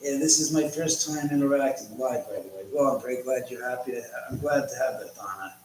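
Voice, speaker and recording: A man with a mid-range, somewhat mellow voice speaks a little fast as he hosts a casual livestream, cooking in his home kitchen and chatting his way through viewer comments. Captured from a distance in an echoey room, the audio has faint ambience and slight background noise.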